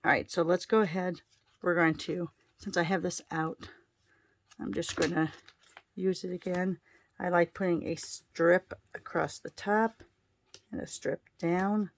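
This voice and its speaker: Gravelly low-voiced woman demonstrating crafts. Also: fairly even intonation, a little slow. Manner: chatty, talking herself through each step. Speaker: card-making demonstrator. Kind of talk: casual crafting tutorial.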